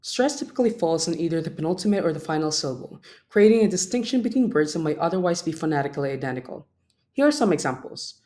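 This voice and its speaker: A man's voice: a little high, darkish tone. Young male student presenter reading a prepared class talk and sounding out example words. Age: young adult.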